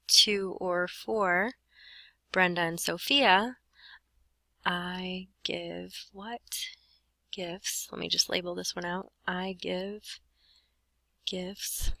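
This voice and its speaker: Woman Spanish teacher, step-by-step explainer, bright tone, dry recording. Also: medium pitch, a little slow, no echo, rough recording. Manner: explains step by step, talks to herself while writing. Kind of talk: lesson walkthrough.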